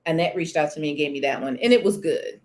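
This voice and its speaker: A woman's voice: sits low, expressive, fast, darkish tone. A woman hosting a casual live-stream chat. She is chatty and emphatic, and often repeats herself. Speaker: channel host.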